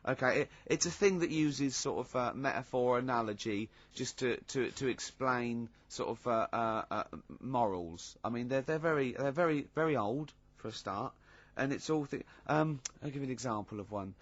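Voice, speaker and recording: A man hosts a radio chat show, stammering through his points with a teasing edge and sudden high laughs. His middle-pitched voice comes through a dull, lo-fi broadcast recording. The studio sound is dry and close. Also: normal speed, few pauses, dry recording. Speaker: radio host. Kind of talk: casual radio banter.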